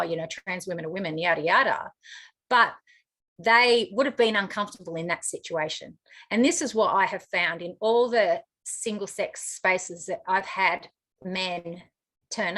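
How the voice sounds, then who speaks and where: A woman's voice: fairly low pitch, fairly bright tone. Frank, chatty Australian woman. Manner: chatty, frank, with frequent fillers. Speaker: interview guest. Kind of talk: casual storytelling interview.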